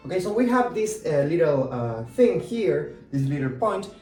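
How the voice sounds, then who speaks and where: Man, Argentine Spanish accent, language teacher, patient explainer, repeats words slowly, echoey room, soft music underneath. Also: fairly high pitch, very animated. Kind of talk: online language lesson. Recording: roomy echo with faint music.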